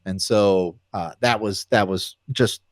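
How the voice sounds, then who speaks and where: A man on a podcast, a former fighter telling his story in a casual, animated way and acting out the voices of people he quotes. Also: on the low side, slow pace, no room sound, studio quality.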